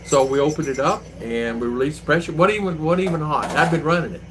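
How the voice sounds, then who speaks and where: A man's voice: on the high side, fast talker, noisy background. Rambling older man chatting live. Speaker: livestream host. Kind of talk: casual livestream chat.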